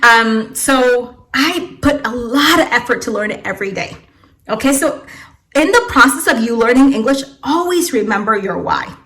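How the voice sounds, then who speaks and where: A woman's voice: fairly high pitch, animated, moderate pace, fairly bright tone. A young woman from Vietnam teaching an English lesson in a casual, encouraging way, checking in with "okay?" and "right?" after many phrases.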